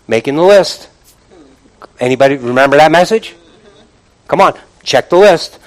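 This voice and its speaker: A man preaching a sermon, emphatic and repetitive, often dropping to a low, quiet voice and calling out questions to the congregation. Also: expressive, normal speed, pauses often, low-quality recording.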